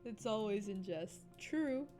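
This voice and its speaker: A woman livestreaming while she plays a game, chatting casually. She is goofy and playful, giggles often, and breaks into squeaky cries and mock whispers. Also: lively intonation, takes it slowly, warm tone, soft background music. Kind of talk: casual live-stream chatter while gaming.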